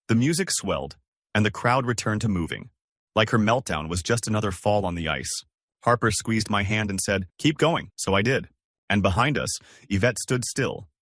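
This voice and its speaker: A man narrating dramatic relationship stories in a scripted storytelling style, switching to a higher pitch for the women's lines. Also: fairly bright tone, no echo, clean studio sound.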